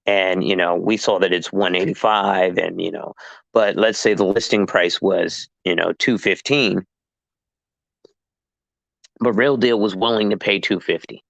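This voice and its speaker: A man, a licensed real estate agent, explaining the business in a casual chat and acting out deals in quick asides. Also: low voice, creaky, no echo, low-quality recording. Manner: animated, acts out dialogue in quick asides.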